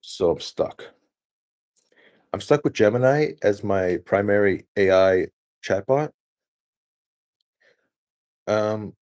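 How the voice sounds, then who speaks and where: A man's voice: fairly low pitch, darkish tone. A man rambling through a casual screen-share walkthrough, thinking aloud with many fillers and restarts. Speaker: solo streamer.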